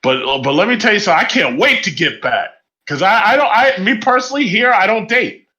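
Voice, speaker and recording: Blunt high-voiced man. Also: lively intonation, fairly quick, pushed and bright. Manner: blunt, emphatic, repeats himself. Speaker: voice chat participant. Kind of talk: casual group voice chat. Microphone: online voice chat mic. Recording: muffled lo-fi voice chat audio.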